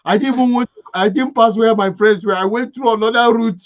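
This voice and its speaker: A man in his forties from Africa, a podcast guest telling his life story in a lively, acted-out way. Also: very high-pitched, a little fast. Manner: animated storyteller, laughs and acts out scenes. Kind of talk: casual storytelling interview. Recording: dull lo-fi sound.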